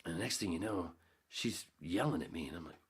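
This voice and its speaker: A podcast host with an extremely low voice and a rough, gravelly edge tells a rambling story. He swears freely, loses his thread, and keeps breaking into little acted-out scenes. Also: animated, fairly quick. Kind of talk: casual storytelling.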